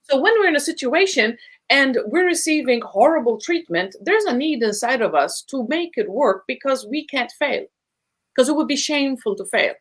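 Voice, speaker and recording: A woman with a somewhat high voice explains how relationships work on a podcast. She talks in an emphatic, teacherly way and stacks words into lists to drive each point home. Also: lively intonation, moderate pace. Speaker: guest speaker on relationships.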